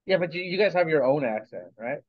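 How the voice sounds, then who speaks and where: A guest chatting on a video call, joking and teasing the host. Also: male voice, a little high, animated, quick pace, no room sound. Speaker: podcast guest. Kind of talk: casual chat. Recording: dull lo-fi call audio.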